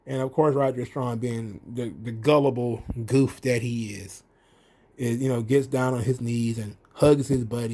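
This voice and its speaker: A man giving a casual, rambling recap of a wrestling show, animated and full of restarts. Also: mid-range voice, moderate pace. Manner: rambling, many fillers and restarts, animated retelling.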